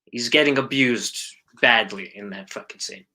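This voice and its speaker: A man in his forties, an actor guest telling animated stories about his past film work in a casual interview. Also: mid-range voice, normal speed. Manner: animated storyteller, acts out quotes, swears casually.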